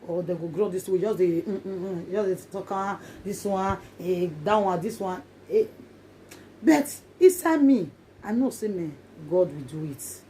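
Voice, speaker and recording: A woman with a Nigerian accent speaks straight to her viewers in a loose, emphatic vlog monologue, circling back and repeating her points. Her voice is mellow and dark-toned. A faint hiss sits under the recording. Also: mid-range voice. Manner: emphatic and repetitive, in Pidgin English. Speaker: vlogger.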